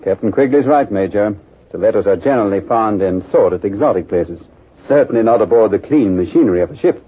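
An actor playing a matter-of-fact journalist and adventurer. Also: male voice, on the low side, expressive, a little fast, husky. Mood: assured. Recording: tinny, lo-fi old radio broadcast.

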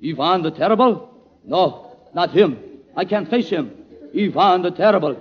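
A man's voice: high-pitched, animated, normal speed. A man doing a 1940s radio comedy sketch as a mock-Russian lover, punning and laughing at his own jokes. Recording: dull old radio broadcast, faint audience.

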